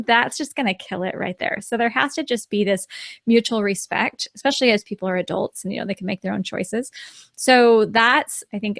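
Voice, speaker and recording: A woman's voice: on the high side, dry recording, clean studio sound. A woman in her forties co-hosting a talk show, speaking in a reflective, easygoing way with light laughs. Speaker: podcast co-host. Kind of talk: casual advice talk.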